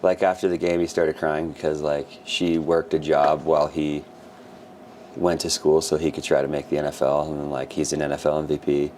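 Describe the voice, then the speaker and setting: A man co-hosting a casual sports podcast, telling animated stories and acting out quotes. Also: extremely low pitch, a little fast, a little hiss or hum. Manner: animated storyteller who acts out quotes. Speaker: podcast co-host.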